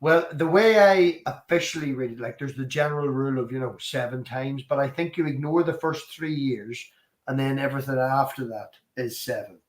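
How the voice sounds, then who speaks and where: Guy hosting a chat, swears a lot, lively storytelling, echoey room. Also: mid-range voice, moderate pace. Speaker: podcast host. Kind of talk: casual chat. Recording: roomy echo.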